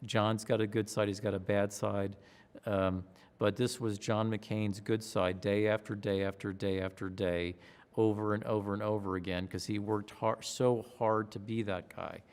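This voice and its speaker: Animated storytelling man in a reverberant hall. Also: on the low side, moderate pace. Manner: animated, re-enacts his own excitement with gasps and raised voice. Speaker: pollster. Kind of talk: interview storytelling.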